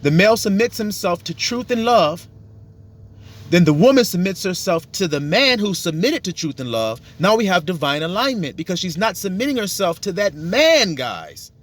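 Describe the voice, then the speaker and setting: Male street-style preacher, higher voice, animated, blunt and profane. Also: normal speed. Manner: emphatic and profane, acting out dialogues. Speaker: religious teacher. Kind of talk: casual sermon.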